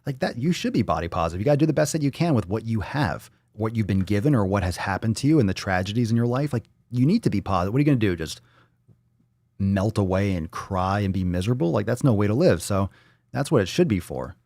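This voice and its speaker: A man hosting a fitness live stream, talking bluntly and profanely in quick ranting bursts and reading viewer comments aloud. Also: fairly low pitch, animated, darkish tone, no room sound, studio quality. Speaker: fitness livestream host. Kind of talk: casual live-stream talk.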